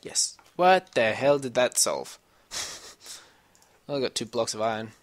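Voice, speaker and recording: At home in a room with a computer, a man offers casual let's-play commentary over a video game. His medium-pitched voice is expressive and slow, and he rambles, swears a lot, and talks to himself as he plays.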